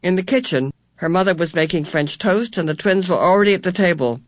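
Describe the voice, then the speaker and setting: An audiobook narrator giving an even, measured storybook reading. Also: medium pitch, dry recording, studio quality. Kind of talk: scripted narration.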